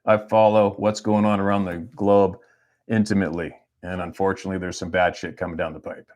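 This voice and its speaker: Guy on a livestream, lowish voice, rambles and swears, middle-aged. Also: flat delivery, a little fast, a little mellow. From Canada. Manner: rambling, blunt, swears freely. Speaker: hunting guide and livestream host. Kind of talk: casual livestream chat.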